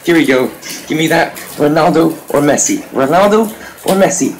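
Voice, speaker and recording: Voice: medium pitch, moderate pace, noisy background. A mobile game YouTuber opening card packs, frantically repeating words in disbelief at the pulls. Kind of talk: excited game pack-opening commentary. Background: loud background music.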